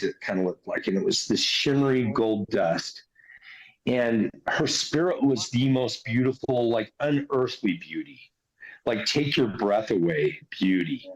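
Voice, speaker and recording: A man's voice: lowish voice, rough recording. A man casually recounting a spiritual experience in an earnest, conversational way. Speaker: interviewee recounting near-death experience. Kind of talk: casual storytelling.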